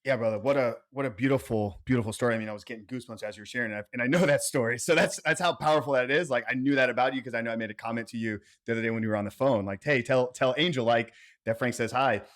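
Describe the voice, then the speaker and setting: This male host talks quickly and with enthusiasm. He praises his guest warmly and then moves straight to his next interview question. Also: medium pitch. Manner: warm, enthusiastic, affirming. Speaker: podcast host and coach. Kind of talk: interview podcast.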